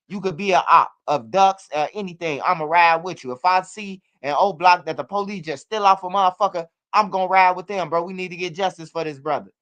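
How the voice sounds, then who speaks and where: Male street-news commentator: slangy and profane, rambling, fairly high and smooth. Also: fairly bright tone, highs cut off.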